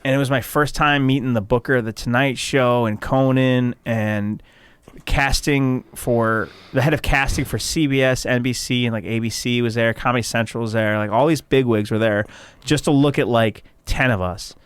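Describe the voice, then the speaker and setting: A male comedian from Chicago telling stories in casual podcast chat, animated and profane, acting out quotes in a raised voice. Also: mid-range voice, moderate pace, smooth, no room sound. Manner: animated storyteller, swears freely, acts out quotes in a raised voice. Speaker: comedian guest.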